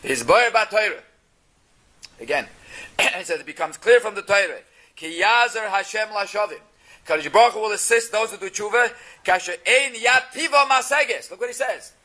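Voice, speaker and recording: Man, Torah teacher, high bright voice, reads and translates texts, rhetorical questions. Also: lively intonation, moderate pace. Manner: reads Hebrew phrases then translates into English; explanatory, asks rhetorical questions. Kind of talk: text-based religious class.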